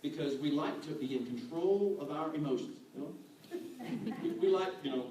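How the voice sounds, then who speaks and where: A man giving an animated sermon as a guest speaker, acting out quoted voices. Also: fairly high pitch, moderate pace. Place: church hall. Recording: echoey hall, distant mic, faint room noise.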